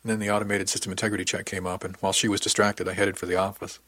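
A man telling a story in the first person, plain and earnest. His voice sits low with a husky edge. The recording is dry and close with no room sound. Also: level tone, very fast, a bit bright, no echo. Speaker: audiobook narrator. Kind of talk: first-person audiobook narration.

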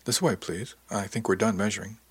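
A man voicing a refined male tailor who speaks politely and softly, coaxing his client. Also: fairly low pitch, steady tone, brisk, breathy edge, no room sound. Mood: suave. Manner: polite, soft-spoken, coaxing. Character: suave male tailor, refined and gently probing.

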